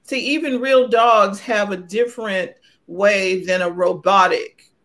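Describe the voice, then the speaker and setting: Woman, panel co-host, middle pitch, casual blunt delivery. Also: steady tone, measured pace, a bit bright.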